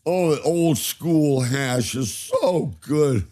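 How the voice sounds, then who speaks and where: A man's voice: on the high side, takes it slowly, dark tone. An older man, a guest in a casual chat, telling stories animatedly and laughing often. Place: cannabis company campus studio.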